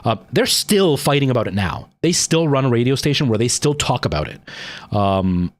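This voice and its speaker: A man's voice: mid-range voice, very animated, moderate pace. A man in his thirties with a Canadian accent, chatting casually and rambling to his livestream viewers, with lots of ums and restarts. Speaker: streamer.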